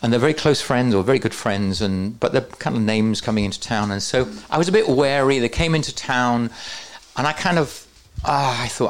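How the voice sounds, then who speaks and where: A man's voice: medium pitch, animated, a little fast. A man teaching at a church conference, with joking, self-deprecating asides to the audience. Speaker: preacher.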